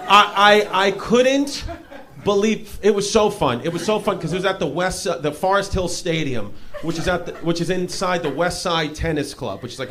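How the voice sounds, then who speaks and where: A man doing a stand-up set on a club stage, rambling through stories and bantering with the audience in a self-mocking way. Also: high-pitched. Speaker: stand-up comedian. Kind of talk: stand-up set with crowd work. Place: comedy club stage before a laughing crowd. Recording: live club audio with crowd laughter and noise.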